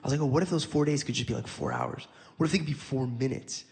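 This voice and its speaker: A man's voice: medium pitch, fast talker, gravelly, darkish tone, in a large hall. Man telling stand-up stories. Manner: conversational storytelling, acting out dialogue. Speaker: stand-up comedian. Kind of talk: stand-up comedy set. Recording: live audience laughing.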